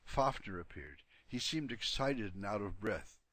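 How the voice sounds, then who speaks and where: Man calmly reading a novel aloud. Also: fairly low pitch, no echo. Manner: calm, unhurried storytelling. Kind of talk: audiobook-style reading on a livestream.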